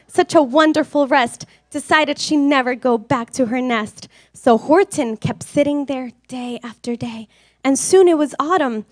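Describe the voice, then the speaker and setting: High-voiced woman reading a rhyming story. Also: dry recording, studio quality. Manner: rhythmic, expressive and sing-song. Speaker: reader.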